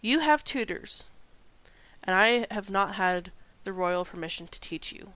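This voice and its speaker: A woman's voice: medium pitch, animated, a little slow, a bit bright, no room sound, rough recording. A woman voicing a stern, annoyed headmistress sorceress in a tabletop game, speaking curtly. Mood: irritated. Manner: curt, exasperated.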